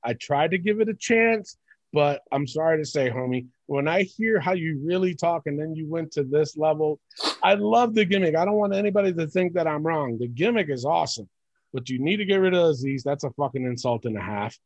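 A man's voice: on the high side, a little fast, no room sound, dull audio. A man from Puerto Rico co-hosting a wrestling podcast, ranting bluntly and swearing freely in casual chat. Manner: blunt, profane, animated rants. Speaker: podcast co-host.

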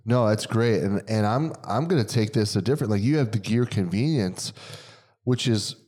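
A man's voice: lowish voice, moderate pace, breathy edge. A man co-hosting a casual podcast chat, talking emphatically and repeating words for stress as he tells stories. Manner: animated storytelling. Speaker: podcast co-host.

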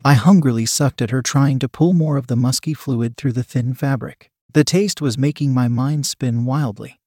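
A man narrating a first-person erotic story in a steady, unhurried reading voice. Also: medium pitch, no room sound, clean studio sound.

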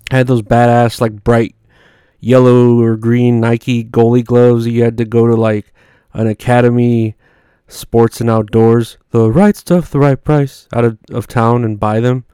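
A man's voice: fairly low pitch, darkish tone, clear, resonant tone, no room sound, studio quality. A man hosting a comedy podcast, rambling in a crude, sarcastic monologue with lots of fillers. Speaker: podcast host.

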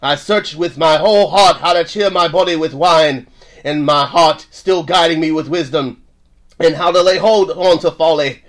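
A man's voice: on the high side, a bit bright, lightly acted. Man putting on weary British King Solomon. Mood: weary, solemn. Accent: put-on British. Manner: solemn, measured scripture reading. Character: weary old King Solomon, a male preacher.

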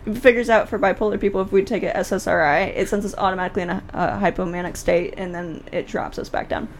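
Woman co-host, wry and deadpan, faint background noise. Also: fairly low pitch, fast. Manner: wry, deadpan humor, laughs often. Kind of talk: casual chat, storytelling.

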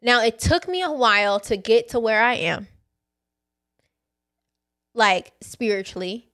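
A woman's voice: on the high side, expressive, a little slow, a bit bright. A woman hosting a faith podcast, candidly telling a personal story and talking straight to her listeners. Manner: candid and conversational, addresses listeners as y'all. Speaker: podcast host.

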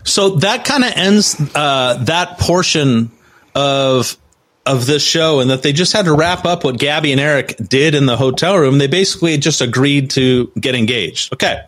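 A man's voice: fairly high pitch, moderate pace. Man recapping episodes on a podcast. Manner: steady recapping, sarcastic asides. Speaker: podcast co-host.

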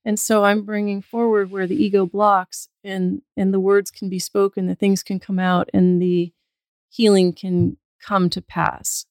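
A woman speaking as a guest medical intuitive in a casual podcast conversation, calm and explanatory, with a spiritual bent. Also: mid-range voice, a little slow, smooth, no echo, studio quality.

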